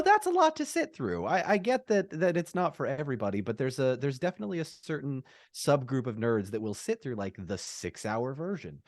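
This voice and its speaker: A man in his thirties, a podcast guest, telling stories in a rambling, animated way with quick laughs. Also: mid-range voice, dry recording, studio quality. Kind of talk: casual podcast chat.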